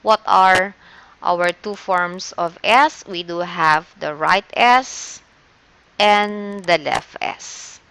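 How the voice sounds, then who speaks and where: A woman's voice: fairly low pitch, drawn-out words, a bit bright, smooth, dry recording. A woman teacher with a Filipino accent, patiently leading an online shorthand lesson step by step and checking in with "okay" often.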